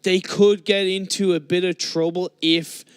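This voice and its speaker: A man's voice: high voice, flat delivery, measured pace, clear, resonant tone, dry recording. A man giving live color commentary on an esports match, breaking down team strategy. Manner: analytical, drops his voice when addressing his co-caster.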